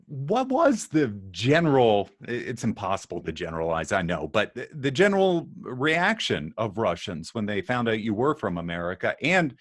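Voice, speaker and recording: A man interviews a guest, his pitch rising and falling in a lively way as he works through a long question. He stops and restarts, searching for words. The sound is dry and close. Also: normal speed, few pauses, no room sound.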